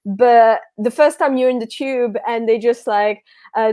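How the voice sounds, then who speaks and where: A woman's voice: on the high side, normal speed, no room sound. Chatty French woman, dry close sound. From France. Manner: chatty, animated storytelling with frequent restarts. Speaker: guest author. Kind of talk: casual chat on a livestream.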